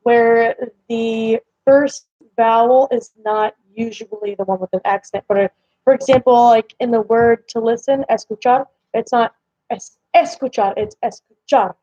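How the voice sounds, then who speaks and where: A woman's voice: on the high side, fairly even intonation, a little slow, mellow, no echo. A young woman chatting casually with her viewers on a live stream from home, rambling with lots of fillers. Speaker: livestream host. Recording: slightly dull lo-fi stream audio.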